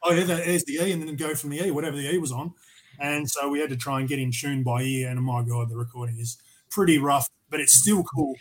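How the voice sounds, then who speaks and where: A man's voice: a little high, fairly even intonation, fast, poor audio. An Australian man from Tasmania, a metal vocalist who is a podcast guest, telling rambling, profane stories with many restarts. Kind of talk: casual storytelling interview.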